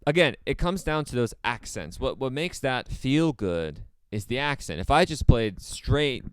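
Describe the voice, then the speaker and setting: A man giving a casual drum lesson in a relaxed way, with plenty of fillers and repeated phrases. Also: medium pitch, a little slow, smooth, no echo. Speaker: drum teacher. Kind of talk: casual instructional talk.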